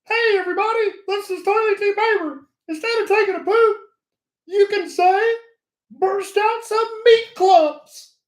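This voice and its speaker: A man voicing a silly male toilet paper puppet in a high, chirpy, exaggerated voice. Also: measured pace, roomy sound. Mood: gleeful. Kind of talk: playful podcast banter.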